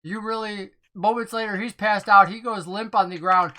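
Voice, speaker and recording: A game master narrating a tabletop game, excitable and often laughing, with plenty of ums and whatnots. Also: medium pitch, moderate pace.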